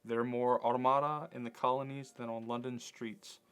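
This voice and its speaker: A man voicing a gruff, grumbling woman engineer, reading her lines aloud from a game's text, a touch louder than his own talk. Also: mid-range voice, level tone, normal speed, close to an everyday voice. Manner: read aloud from game text, slightly louder.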